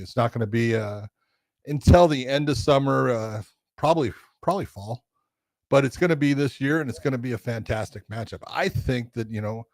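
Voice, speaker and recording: An older man co-hosting a podcast who tells stories in a casual, animated way, swearing now and then and acting out the voices of the people he quotes. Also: mid-range voice, no echo, studio quality. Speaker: podcast co-host, former referee. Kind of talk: casual storytelling chat.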